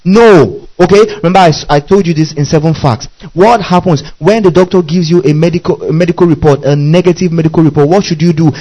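A man's voice: a little high, low-quality recording. Man preaching a call-and-response sermon. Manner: call-and-response preaching, rising to forceful exhortation. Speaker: pastor.

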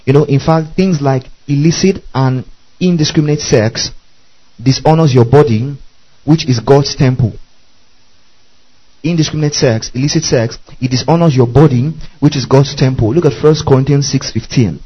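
Preacher who keeps checking "do you see that?". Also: male voice, mid-range voice, moderate pace, husky, muffled recording. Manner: checks understanding constantly, spells out Greek words letter by letter. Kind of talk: Bible teaching sermon.

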